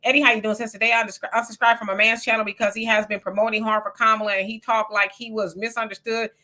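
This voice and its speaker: A woman's voice: fairly high pitch, little pitch movement, fast, bright, forceful tone. A woman, casually co-hosting a livestream and reading viewer comments aloud with sassy asides.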